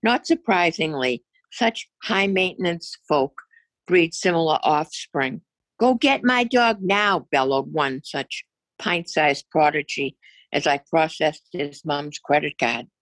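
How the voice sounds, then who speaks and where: A woman's voice: deep voice, takes it slowly, dry recording, low-quality recording. An older woman from Massachusetts reading her own humorous essay aloud with a wry, dry storytelling manner. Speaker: essay reader.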